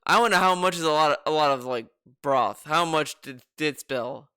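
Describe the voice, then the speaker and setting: A man's voice: a little high, expressive, moderate pace, sharp tone, clear, resonant tone, dry recording, clean studio sound. A man giving mocking reaction commentary on a clip, swearing and breaking into exaggerated impressions. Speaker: commentary streamer.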